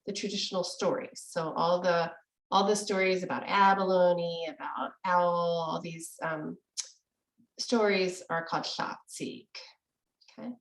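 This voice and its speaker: A woman's voice: lowish voice, steady tone, unhurried, vocal fry, echoey room, poor audio. A woman teaching a casual online language lesson, explaining in a chatty way and laughing easily, over a video call. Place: room with echo, video call.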